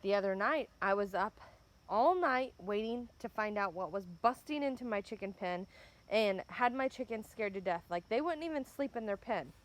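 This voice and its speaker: A woman's voice: medium pitch, animated, moderate pace. A woman vlogging outdoors by her chicken pen near the woods, talking casually and angrily with some swearing, filmed on a handheld phone. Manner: angry and upset, swears, keeps saying "bam". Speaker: farm vlogger. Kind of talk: casual walk-and-talk vlog.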